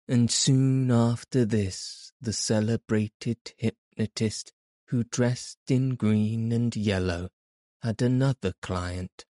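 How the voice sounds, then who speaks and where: Very slow, deliberate male narrator. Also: medium pitch, steady tone, mellow, no room sound, studio quality. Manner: measured, deliberate. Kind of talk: audiobook narration.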